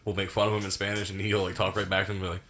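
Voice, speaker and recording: A man hosting a podcast in relaxed casual chat, swearing now and then. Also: sits low, racing.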